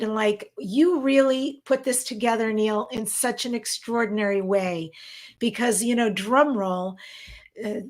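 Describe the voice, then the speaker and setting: A middle-aged woman from New York with a New York accent, co-hosting an online summit in an effusive, gushing way. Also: medium pitch. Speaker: co-host.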